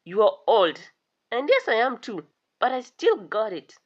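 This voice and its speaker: A woman voicing a furious, vengeful middle-aged wife who shouts in anger, with a dull lo-fi sound. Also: a little high, huge pitch swings, a little slow, heavily acted. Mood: defiant. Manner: angry shouting.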